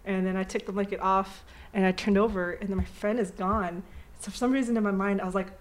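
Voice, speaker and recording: A young adult woman in casual chat, telling a story in an animated, giggly way with lots of "like". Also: mid-range voice, quick pace.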